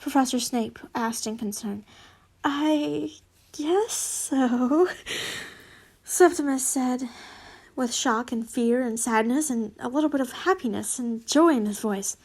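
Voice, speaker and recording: A woman's voice: a little high, unhurried. A young woman reading fan fiction aloud casually, giggling, stumbling over words and correcting herself.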